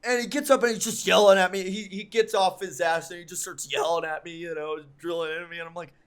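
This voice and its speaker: A man's voice: sits high, flat delivery, fast, clear, resonant tone. A young man telling a long personal story on a podcast, casual and rambling, full of ums and likes, and often mocking himself. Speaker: podcast co-host.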